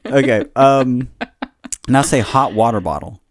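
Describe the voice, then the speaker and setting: A man's voice: mid-range voice, unhurried, no echo, studio quality. A man, co-hosting a podcast in casual chat, playful and teasing, laughing often. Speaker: podcast co-host.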